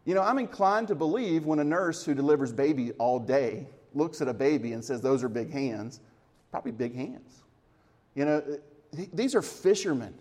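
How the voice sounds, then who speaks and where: Man, church elder, sermon, relaxed storytelling, light humor, fairly high voice. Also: normal speed.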